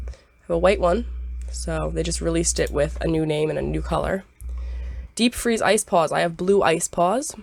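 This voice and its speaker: A young woman talks through a game in loose, rambling commentary, her voice stuffy and scratchy from a sinus cold. Her tone sits a little low and carries a gravelly fry, and she keeps repeating herself and hedging with "I believe.". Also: darkish tone, no echo. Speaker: gaming YouTuber. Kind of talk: casual screen-recorded commentary.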